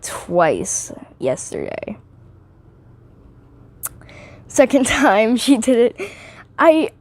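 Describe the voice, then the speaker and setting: A woman's voice: fairly high pitch, a little mellow, no echo. A teenage girl rambling and giggling through a casual movie review vlog, often drifting off topic.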